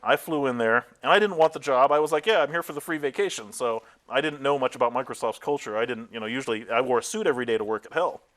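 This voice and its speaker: A man's voice: mid-range voice, fast, hardly any pauses, a bit bright. A man interviewed as a tech company founder, telling candid stories about his career with frequent fillers and laughing at himself.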